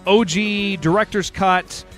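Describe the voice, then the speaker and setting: Excitable high-voiced male streamer. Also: slow pace, soft background music. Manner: excitable, rambling, says "man" and "dude" often. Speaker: game streamer. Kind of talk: casual livestream chat with viewers.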